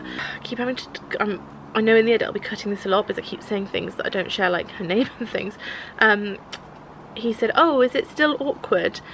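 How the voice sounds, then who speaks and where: A woman in her thirties recounting a painful encounter in a vlog, halting and close to tears, with many fillers and restarts. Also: fairly high pitch, fairly bright tone, a little hiss or hum, low-quality recording. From England. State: tearful. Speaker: vlogger. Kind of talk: tearful confessional vlog.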